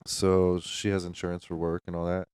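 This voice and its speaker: A man's voice: sits low, monotone, a little mellow, clean tone, no room sound. A man co-hosting a podcast, telling everyday anecdotes in casual chat. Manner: fast, laughing anecdotes with acted quotes. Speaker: podcast co-host, new business owner. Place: podcast studio.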